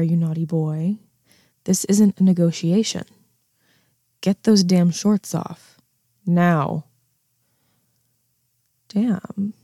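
Whispered role-play: woman as a self-assured, teasing neighbor, low and husky, close and dry. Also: warm tone, no echo, full character voice. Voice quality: breathy, half-whispered. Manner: slow, coaxing, commanding.

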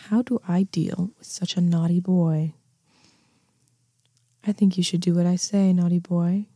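Whispered role-play: woman as a self-assured, teasing neighbor, low and husky, close and dry. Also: mellow, no room sound. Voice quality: breathy, half-whispered. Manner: slow, coaxing, commanding.

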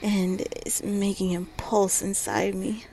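A woman playing a commanding lover in an erotic audio role-play, breathy and often whispering, giving slow, coaxing directions. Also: medium pitch, flat delivery, dark tone, a little hiss or hum. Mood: sultry.

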